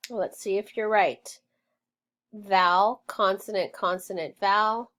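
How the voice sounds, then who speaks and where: Slow, deliberate woman teaching phonics. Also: medium pitch, fairly even intonation, a bit bright. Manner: clearly enunciated, drills words and sounds out.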